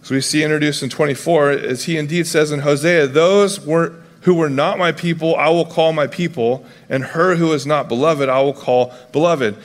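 Pastor guy giving a chatty sermon, slightly high voice, big echoey church hall, slips into character voices for the bible folks. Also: fairly even intonation. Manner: casual and conversational, acts out biblical figures in quick voices. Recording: long hall reverb.

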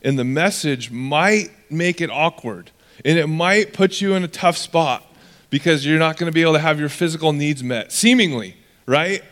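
A man, a pastor preaching a sermon in a relaxed, conversational way, acting out quoted dialogue with casual asides. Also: a little high, normal speed.

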